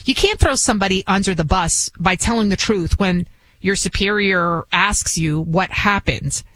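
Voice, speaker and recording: A woman's voice: medium pitch, moderate pace, a bit bright, rough recording. A woman with a Bronx accent, whose first language was not English, guest-hosting a talk radio show in a chatty, rambling, emphatic way. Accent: New York, Bronx. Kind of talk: conversational talk radio monologue.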